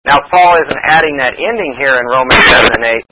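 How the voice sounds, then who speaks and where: A man teaching a verse-by-verse Bible study lesson, explaining carefully with fillers and reading scripture aloud slowly. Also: mid-range voice, very noisy. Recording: tinny phone-like lo-fi recording.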